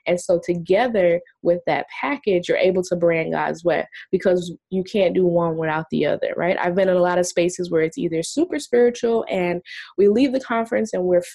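A woman's voice: on the low side, moderate pace. A woman speaking as a faith-based branding coach in a casual interview, telling stories and acting out little voiced asides. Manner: animated storytelling with voiced asides.

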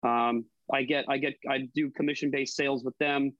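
A man's voice: medium pitch, flat delivery, moderate pace, fairly bright tone, no room sound, muffled recording. A man guesting on a casual podcast, talking about his online videos with fillers and swearing. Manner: chatty, profane, hesitant fillers. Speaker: guest, online cooking creator.

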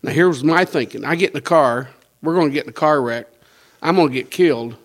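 Older pastor, 60s, folksy testimony, chuckles a lot, kinda high voice. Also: male voice, fast talker. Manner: storytelling with quoted dialogue and chuckles. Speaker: pastor sharing his testimony. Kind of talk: conversational personal testimony.

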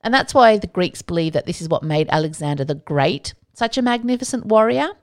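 A woman hosting a solo podcast, talking casually with playful asides and self-mocking jokes. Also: medium pitch. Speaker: podcast host.

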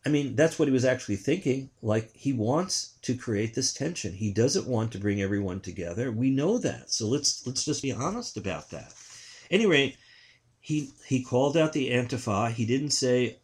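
A man's voice: mid-range voice, expressive, normal speed, husky. An older man, a journalist, giving indignant political commentary in a rambling way, with frequent restarts.

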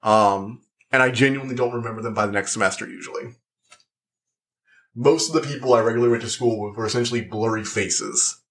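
A man's voice: lowish voice, brisk, a bit bright. A young man talking through a show review in casual chat, rambling and full of likes and uhs.

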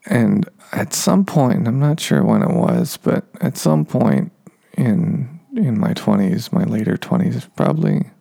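Gravelly, husky-voiced man rambling casually. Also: medium pitch, huge pitch swings, unhurried, mellow. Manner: meandering, filler-heavy, self-deprecating. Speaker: podcast host.

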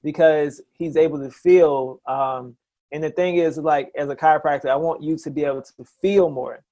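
A man with a slightly raised pitch talks as a chiropractor in a relaxed interview. He is eager and quick, with many false starts and restarts. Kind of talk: casual interview.

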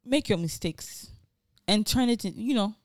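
A woman's voice: mid-range voice, normal speed, no echo. A young woman talks openly on her podcast, swearing freely as she chats. Her voice sits in a middle range. The sound is dry and close. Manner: candid and animated, swears freely. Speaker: podcast co-host. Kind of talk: casual chat.

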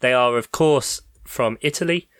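A man's voice: medium pitch, unhurried, a bit bright, clear, resonant tone, no room sound, studio quality. Playful man hosting a podcast quiz. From England. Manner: playful, teasing, reads out answers. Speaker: quiz host.

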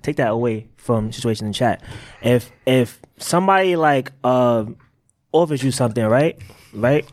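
A man's voice: medium pitch, expressive, moderate pace. A man co-hosting a podcast in casual chat, who keeps repeating his phrases to press home an argument. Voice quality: insistent, repeats himself while building an argument. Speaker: podcast co-host.

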